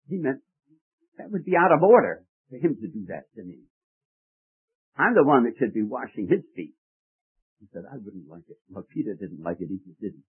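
A man preaching in an expressive, rising-and-falling voice, pausing to quiz his listeners. His voice is slightly husky and comes through a dry, tinny, phone-like recording. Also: medium pitch. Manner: expository teaching with questions to the congregation. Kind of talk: sermon.

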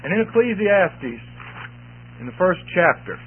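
A man's voice: high-pitched, sing-song, a little slow, slight background noise. A man preaching a sermon to a church congregation, repeating his key phrases for emphasis. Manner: repetitive, emphatic preaching with restarts. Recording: tinny phone-like band, lo-fi.

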